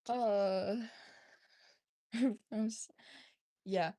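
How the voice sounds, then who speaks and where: A woman's voice: medium pitch, fairly even intonation, drawn-out words, mellow, dry recording, studio quality. A woman vlogging at home, coaxing her cats onto the bed with giggly baby talk. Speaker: vlogger, cat owner. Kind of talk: casual chat with her pets.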